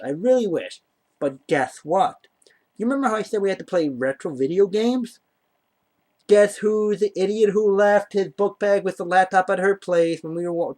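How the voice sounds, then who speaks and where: A man's voice: sits high, darkish tone. A man telling a personal story to the camera in a rambling, profane way, full of "like.". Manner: rambling, profane, heavy use of "like". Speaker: vlogger.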